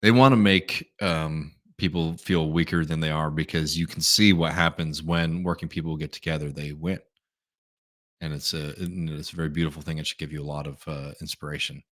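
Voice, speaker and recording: A man hosting a live stream, reading out viewer messages and answering them in a relaxed, thinking-aloud way with many fillers. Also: extremely low pitch, a little fast. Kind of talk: casual live Q&A commentary.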